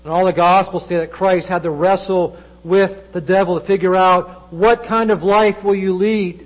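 A man preaching a sermon, with dramatic delivery that swings between loud emphasis and hushed low asides. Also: fairly even intonation, moderate pace, rough recording.

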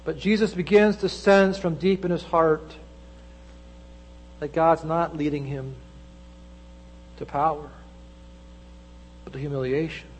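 Male preacher, high voice, dramatic, loud peaks and hushed drops. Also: fairly even intonation, slow pace, pauses often, breathy edge, low-quality recording. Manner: dramatic, swings between loud emphasis and hushed low asides. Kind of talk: sermon.

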